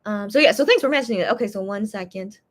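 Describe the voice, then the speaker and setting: A young woman chatting casually on a live stream, reading viewer comments and translating messages with frequent pauses and restarts. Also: medium pitch. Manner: hesitant, many restarts while translating.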